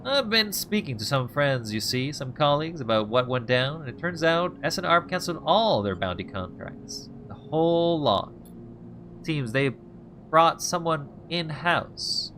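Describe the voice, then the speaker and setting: A man's voice: a little high, sing-song, measured pace, a bit bright, slight background noise, voice pushed up. A man voicing a jittery, scruffy male ex-bounty hunter, talking sarcastically and pleading, as he reads game dialogue aloud. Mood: scheming.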